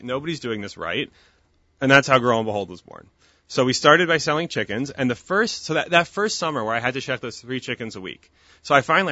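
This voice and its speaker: A bright-toned man in his thirties speaks earnestly and at length as a guest, often restarting his sentences. The sound is dry and slightly dull, like a lo-fi podcast. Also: mid-range voice, dry recording. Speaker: guest, kosher meat company founder. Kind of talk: casual interview chat.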